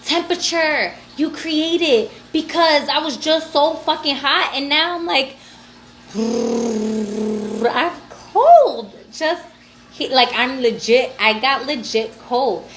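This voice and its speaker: A woman's voice: high-pitched, slow pace, a bit bright. A woman hosting a livestream in casual, profane, laughing talk aimed at her viewers. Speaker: livestream host.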